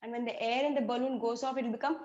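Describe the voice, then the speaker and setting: Give me an animated woman telling children a story. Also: on the high side, quick pace. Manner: animated, sing-song, addresses children directly. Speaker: children's storyteller and activity leader. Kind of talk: storytelling and sing-along for children. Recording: echoey room, dull lo-fi sound.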